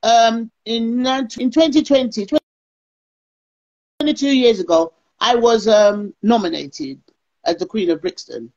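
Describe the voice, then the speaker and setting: A woman's voice: a little high, unhurried. A woman, telling her story as an interview guest and acting out other people's lines. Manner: animated, acts out others' lines. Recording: lo-fi call audio.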